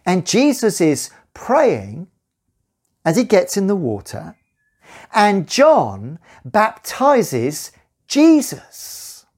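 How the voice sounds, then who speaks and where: A woman leads a children's Bible talk, her voice rising and falling in wide, lively swings. She takes her time and speaks slowly and deliberately. Her delivery is animated and expressive, always aimed at the children. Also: mid-range voice, slightly rough. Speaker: children's talk leader at church.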